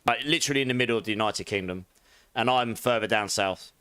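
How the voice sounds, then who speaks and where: During a live game stream, an Englishman with a London and Essex accent carrying a posh touch chats in a relaxed way, reading and answering chat and laughing often. His lowish voice is clear and resonant at a quick pace. The recording has no echo.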